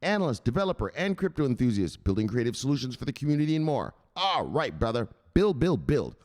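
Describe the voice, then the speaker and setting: Animated, joking man hosting a livestream. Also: medium pitch, fast. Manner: animated, profane, joking, greets chat by name. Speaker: crypto news livestream host. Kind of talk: casual livestream chat.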